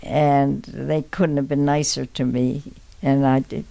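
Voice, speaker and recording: An older woman telling stories from her life in an interview, halting, with many restarts and pauses, and laughing as she recalls them. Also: very deep voice, little pitch movement, creaky, warm tone. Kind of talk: reminiscing storytelling.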